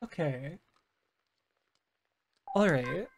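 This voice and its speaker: A woman's voice: low voice, expressive, drawn-out words, creaky, slight background noise. A woman streamer thinking aloud in casual gameplay commentary, musing with loose fillers.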